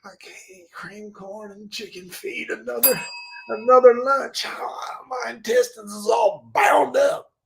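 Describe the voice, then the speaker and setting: A cranky old man whines and wails, his high voice cracking into shouts, as a man puts him on. It is a broad comic bit in an improvised scene. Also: a little slow, gravelly, a little hiss or hum, exaggerated voice. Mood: whiny. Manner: whiny, shouting, crying out.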